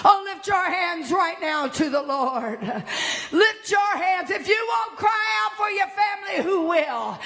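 A woman preaching a fiery sermon, shouting at peaks and dropping low between them. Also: animated, measured pace, a little hiss or hum. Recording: long hall reverb.

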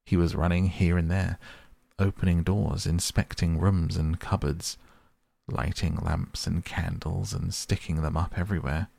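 A man narrating a classic children's story in a measured, expressive audiobook reading. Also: low-pitched, vocal fry, no room sound.

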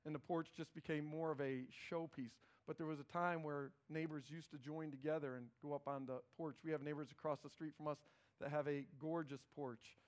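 A middle-aged male pastor preaching a sermon in a conversational, animated way, often repeating words as he starts phrases. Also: fairly high pitch, a little fast.

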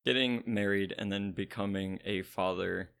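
Gravelly low-voiced man explaining. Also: fairly even intonation, normal speed, a bit bright. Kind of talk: casual Bible discussion.

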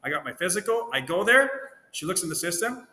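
Man, guest, slightly high pitch, animated storyteller, roomy recording, faint background noise. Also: a little fast. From Ontario, Canada. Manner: animated storyteller acting out quoted dialogue. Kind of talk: casual chat, anecdotes. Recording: roomy echo with long reverb, faint noise.

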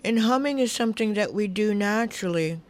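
A middle-aged woman calmly teaching relaxation through humming, toning and breathing, giving unhurried, soothing guidance. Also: mid-range voice. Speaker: wellness teacher. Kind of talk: guided relaxation instruction.

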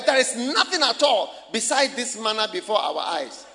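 A man preaching a sermon from Ghana, firing questions at the congregation and shouting for emphasis, recorded live in a church. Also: high voice, very animated, normal speed, hardly any pauses. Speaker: pastor. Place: church hall. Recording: live church recording with long hall reverb.

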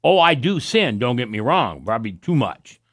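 A man's voice: mid-range voice, moderate pace, no echo, clean studio sound. A man hosting a Christian talk radio show, folksy and thinking aloud, with a cough today. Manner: folksy, animated, thinking aloud with many restarts. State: has a cough.

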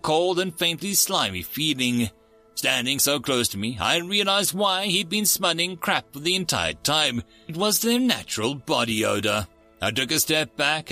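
A man narrates a first-person story with a wry, sardonic edge. His pitch sits a bit high and moves around a lot, and the tone is bright. Faint music plays underneath.

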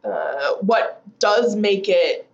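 A woman's voice: mid-range voice, lively intonation, extremely slow, roomy sound, highs cut off. A woman who works as an addiction physician, explaining things thoughtfully with frequent fillers. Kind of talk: conversational expert explanation.

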